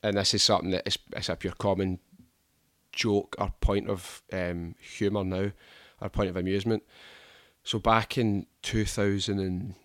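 Scottish male host, low pitch, dry close sound, animated and sweary storyteller. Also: normal speed, no echo. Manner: animated, sweary, laughs a lot. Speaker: podcast host. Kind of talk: casual storytelling chat.

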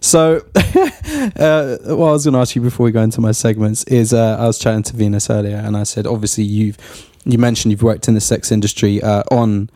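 Tipsy male podcast host, mellow voice. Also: on the low side, brisk, dry recording, clean studio sound. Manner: joking, banter-heavy, tipsy. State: drunk. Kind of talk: casual podcast chat.

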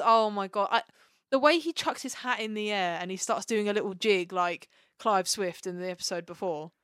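Gushing excitable woman podcast co-host. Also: medium pitch, a little fast, clear, resonant tone, dry recording, studio quality. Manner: gushing, excitable, acts out quotes. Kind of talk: casual chat.

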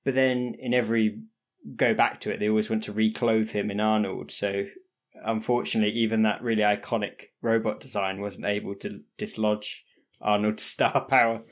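A man co-hosting a podcast interview, talking in an enthusiastic, relaxed way. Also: on the low side, moderate pace. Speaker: podcast co-host.

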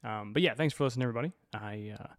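A man's voice: mid-range voice, racing, no room sound, clean studio sound. A man hosting his own podcast, telling a story in a wry, rambling way with plenty of cursing and fillers. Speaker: podcast host. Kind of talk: casual storytelling monologue.

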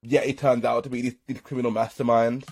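A man from Birmingham co-hosting a podcast, talking in relaxed casual chat full of "like". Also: medium pitch, fast talker, slightly rough. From Birmingham, England. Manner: relaxed, lots of "like" fillers. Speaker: podcast co-host.

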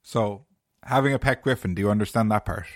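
A man's voice: on the low side, brisk, no echo, clean studio sound. Irish man hosting a podcast, teasing. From Ireland. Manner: teasing, asks the questions, laughs while talking. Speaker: podcast host. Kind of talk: casual podcast chat.

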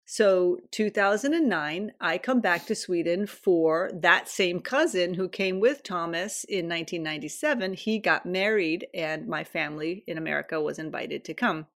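A woman's voice: on the low side, moderate pace, few pauses, a bit bright. A woman in her fifties hosting a podcast at home, telling personal stories in a chatty, casual way. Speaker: podcast host.

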